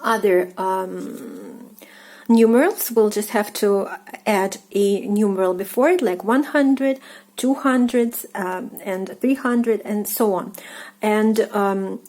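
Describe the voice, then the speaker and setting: A woman with a Russian accent, a native Russian speaker, teaching casually with many fillers and slow repetitions. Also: medium pitch, darkish tone. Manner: hesitant, many fillers, repeats words slowly. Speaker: language teacher.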